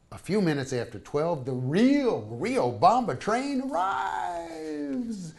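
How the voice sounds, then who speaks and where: A man reading his own travel stories aloud to a live audience, wry and full of comic asides. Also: on the high side. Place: small live performance venue.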